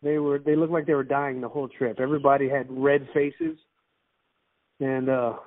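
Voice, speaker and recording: A man's voice: medium pitch, little pitch movement, moderate pace. A man from Miami chatting casually, rambling with restarts and frequent laughs. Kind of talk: casual chat. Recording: tinny phone-like line.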